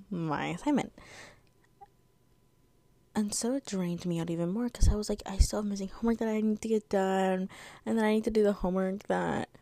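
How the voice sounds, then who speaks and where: A woman's voice: medium pitch, warm tone, no room sound. A teenage girl hosting her own podcast, talking in a rambling, filler-heavy way and sounding a little out of breath. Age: teens. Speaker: podcast host. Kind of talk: casual solo podcast chat.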